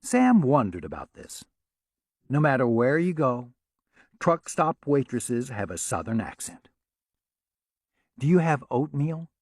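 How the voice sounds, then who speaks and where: A male audiobook narrator with a measured, wry delivery. He reads slowly, and his pitch moves freely through the lines. The recording is dry and close to the mic. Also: wildly swooping pitch, no room sound. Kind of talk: scripted narration.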